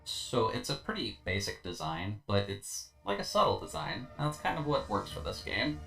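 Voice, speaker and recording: A man's voice: on the low side, very animated, normal speed, creaky, pushed and bright, soft background music. A tired man streaming a video game, talking through his play in a laid-back, rambling way with lots of fillers and slightly slurred words. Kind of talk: casual gameplay commentary.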